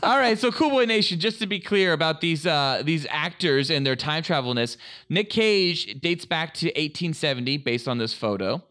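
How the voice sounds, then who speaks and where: Young male podcast co-host, crude and jokey, leads the chat; bright tone, a bit high. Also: animated, moderate pace. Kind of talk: casual podcast banter.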